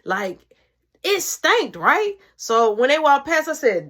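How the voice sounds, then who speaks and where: A woman's voice: high voice, sing-song, a little slow, fairly bright tone. A woman telling a personal story in casual, slangy, profane narration.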